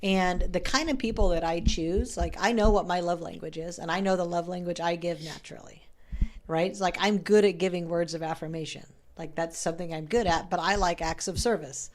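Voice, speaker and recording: A middle-aged woman hosts a casual interview podcast in a somewhat low voice. She talks in a candid, chatty way and drops in the odd swear word. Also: fairly even intonation, brisk, a little mellow, a little hiss or hum. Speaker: podcast host.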